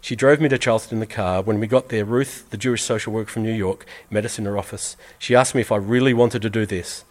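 A man reading a first-person story aloud in an earnest, measured way, repeating phrases for weight. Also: fairly low pitch, fairly even intonation. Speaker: reader.

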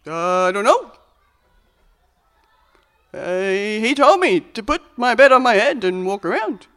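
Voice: medium pitch, big pitch swings, a little slow, fairly bright tone, voice pushed up. A preacher putting on a bumbling, flustered man. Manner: hesitant, stammering.

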